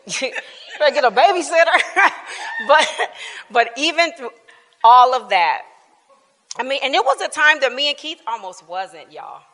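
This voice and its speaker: A bright, forceful woman in her fifties tells a personal testimony at a church Bible class, animated and laughing often, sometimes dropping to a hush. Her voice rings out with a long hall reverb behind it. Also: on the high side. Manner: animated storytelling, laughs often, drops to quiet tones. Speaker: church speaker sharing testimony.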